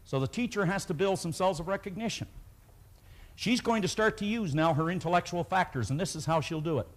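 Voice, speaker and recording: A man's voice: sits high, fairly quick. A man speaking at a live motivational seminar, telling stories and leading the audience in call-and-response.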